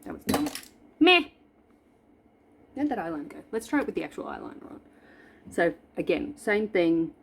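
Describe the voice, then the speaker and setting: Lively, chatty woman doing a makeup tutorial. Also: on the low side, a little fast, creaky, slight background noise. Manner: animated, playful and self-deprecating. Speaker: makeup vlogger. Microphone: camera in front of her.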